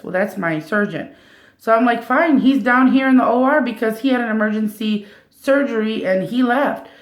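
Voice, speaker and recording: A woman in her thirties telling a story to camera in a casual vlog, retelling conversations and acting out what others said. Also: mid-range voice. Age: 30s. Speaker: vlogger. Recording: echoey room.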